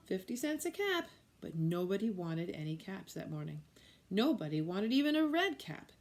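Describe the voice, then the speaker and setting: A woman, a preschool teacher, reading a picture book aloud to young children with expressive storytelling. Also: mid-range voice.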